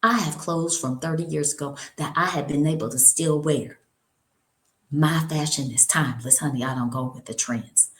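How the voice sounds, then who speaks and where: A woman's voice: sits low, moderate pace, roomy sound, poor audio. A middle-aged woman giving an informal health talk, chatty and folksy, calling her listeners honey. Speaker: holistic wellness speaker.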